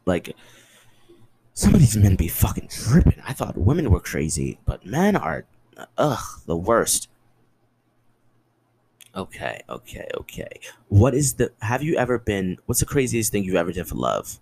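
His voice sits low with wildly swooping pitch, a slightly slow pace, long pauses, and a darkish, slightly rough tone. This twenty-something solo podcast host tells personal stories casually, profanely and dramatically, answering questions he asks himself.

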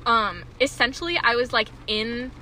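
A woman's voice: on the high side, moderate pace, a little hiss or hum. A young woman chatting casually as a co-host, reacting with gasps and telling stories packed with fillers. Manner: animated reactions, filler-heavy storytelling. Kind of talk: casual chat. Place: Houston, with rain outside.

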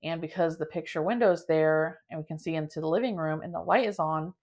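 A young adult woman from Indiana, hosting a podcast and telling a story in a dramatic, animated way, full of filler "like"s. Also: low voice, a little fast. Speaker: podcast host. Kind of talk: casual storytelling.

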